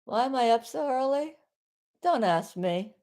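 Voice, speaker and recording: A woman from South Florida ranting loudly on a live stream from her bedroom, rambling and exasperated, with bursts of yelling. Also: on the high side, animated, measured pace.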